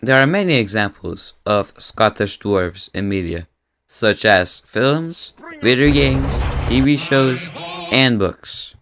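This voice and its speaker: A man narrating a scripted explainer for a school project, deliberate and wry, with playful pauses. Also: medium pitch, animated, fairly bright tone. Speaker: student presenter.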